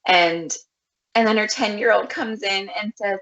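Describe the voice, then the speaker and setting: A woman's voice: mid-range voice, unhurried, a bit bright, lo-fi sound. A woman co-hosting a podcast, rambling in casual chat with lots of filler words. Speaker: podcast co-host.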